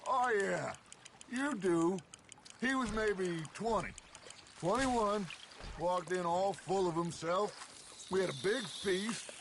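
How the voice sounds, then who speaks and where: An actor playing a middle-aged male outlaw who teases a friend with an old story, in a gravelly voice. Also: high-pitched, slow, pauses often, a bit bright, a little hiss or hum, full character voice. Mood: teasing. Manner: teasing, tells anecdotes with relish. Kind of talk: video game dialogue.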